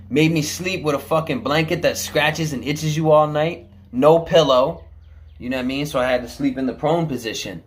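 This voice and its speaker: A man telling a camera about his time in prison, in casual, blunt street talk full of swearing. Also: mid-range voice.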